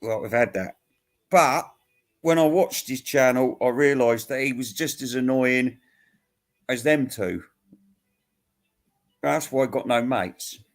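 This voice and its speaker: Ranting man, mid pitch, crude rambling host who chuckles at himself. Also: slow pace, pauses often. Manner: crude, ranting, laughs at his own jokes. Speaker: host answering viewer questions. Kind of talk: rambling comic monologue.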